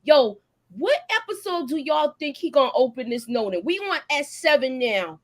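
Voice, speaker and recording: A woman's voice: high-pitched, moderate pace. Chatty woman hosting a live recap. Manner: animated, chatty, greets viewers, laughs often. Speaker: live stream host. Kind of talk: casual live recap chat.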